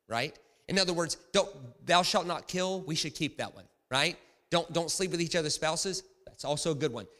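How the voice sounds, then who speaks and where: Man preaching, animated and emphatic, conversational sermon, long hall reverb. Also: mid-range voice. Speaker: pastor.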